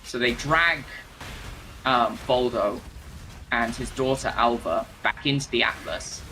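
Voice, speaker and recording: A man casually retelling a game's story as he plays, rambling with plenty of fillers and restarts. His voice is bright and forward at an ordinary pitch. A faint background hum sits under him. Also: unhurried, low-quality recording. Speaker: gamer retelling game lore. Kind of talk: casual storytelling while playing.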